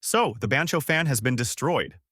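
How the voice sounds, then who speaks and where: A man's voice: medium pitch, lively intonation, moderate pace, pushed and bright, husky, dry recording, studio quality, voice pushed up. A man voicing a cheerful, trusting young male fighter, upbeat and eager.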